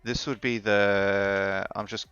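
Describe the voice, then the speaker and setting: A man's voice: lowish voice, level tone, slow, fairly bright tone, clear, resonant tone, dry recording, dull audio, faint music behind. A man chatting casually while live coding, rambling with fillers and laughing often. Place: home office.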